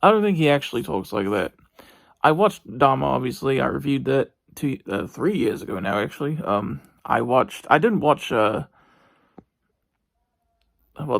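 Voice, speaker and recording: A young man, reviewing a TV show from his bedroom in a rambling, halting way with lots of fillers and restarts. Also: mid-range voice, gravelly, no echo, studio quality. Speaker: vlogger. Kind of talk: casual TV review monologue.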